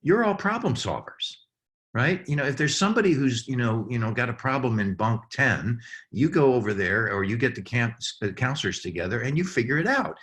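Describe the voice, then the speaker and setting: A man's voice: medium pitch, animated, brisk, a bit bright. A man speaking earnestly to camp professionals over a video call, with many ums and uhs. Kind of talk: heartfelt talk to an online audience.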